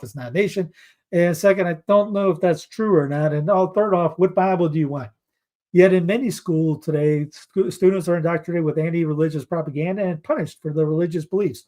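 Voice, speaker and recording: Fairly high in pitch, dark in tone, and fairly quick, this middle-aged North Carolinian hosts a relaxed news commentary show. His sarcasm shows as he reads out headlines to mock them, with rambling asides during his search for clips.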